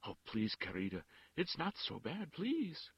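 A man's voice: mid-range voice, huge pitch swings, normal speed, creaky, husky, dry recording, muffled recording, voice pushed up, heavily acted. A man voicing a dejected, humble male defendant who speaks miserably and pleads. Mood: miserable.

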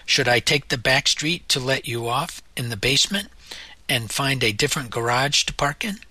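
A man's voice: medium pitch, moderate pace, bright, forceful tone, slightly rough, no room sound. A man voicing a self-driving car that announces things in a sonorous voice. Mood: formal.

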